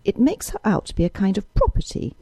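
Audiobook role: a woman doing a calm, proud young woman, cold and measured, with a lilting, husky tone. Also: mid-range voice, no echo, pitched above the performer's own voice. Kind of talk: audiobook character reading.

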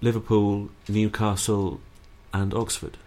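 Man from Brighton, very deep voice, deadpan solo-musician guest, casual interview. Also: takes it slowly. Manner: dry, deadpan humour.

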